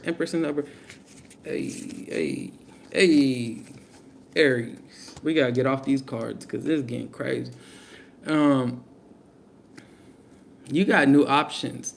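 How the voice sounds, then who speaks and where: A man's voice: mid-range voice, slight background noise. Blunt, slangy young man reading tarot. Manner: blunt, slangy, talks straight to viewers. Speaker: tarot reader. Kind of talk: casual live tarot reading.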